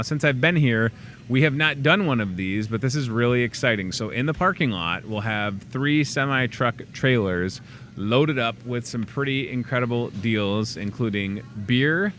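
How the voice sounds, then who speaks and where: In casual local promo chat, a man hosting a store show jokes around and chats while pushing events and deals, delivering the promos with lively energy and joking asides. His voice is medium-pitched, and slight background noise can be heard.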